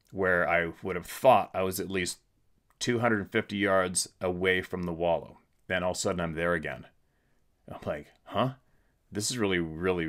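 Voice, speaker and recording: A middle-aged man with a very low voice tells a story in a casual, blunt way. He hammers his points home and repeats himself for emphasis, like a podcast host talking straight to his listeners. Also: fairly bright tone.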